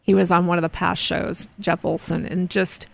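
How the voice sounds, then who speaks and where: A woman's voice: fairly low pitch, little pitch movement, normal speed, creaky. A woman hosting a casual studio chat, telling personal stories earnestly with frequent restarts. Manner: earnest, storytelling, many restarts. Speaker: host. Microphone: close mic in a studio.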